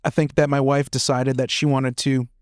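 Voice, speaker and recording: A man guest on a podcast, chatting casually and telling stories in an animated way, laughing often and saying "man" a lot. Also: mid-range voice, moderate pace, clean tone, dry recording, clean studio sound. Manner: animated, laughs often, lots of fillers like "man" and "you know". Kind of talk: casual chat, storytelling.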